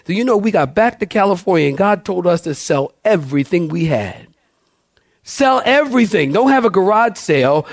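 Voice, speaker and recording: A middle-aged man, a pastor, telling a story in a sermon, animated and acting out the dialogue. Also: high voice, dry recording, clean studio sound. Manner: animated, acts out dialogue in a raised voice.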